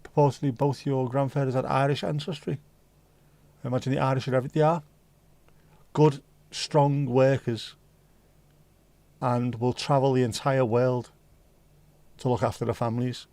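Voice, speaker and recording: A man hosts a relaxed livestream, rambling through viewer comments and swearing casually. His voice sits at an ordinary middle pitch. The sound is close and dry, with no room echo. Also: moderate pace, pauses often. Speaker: livestream host.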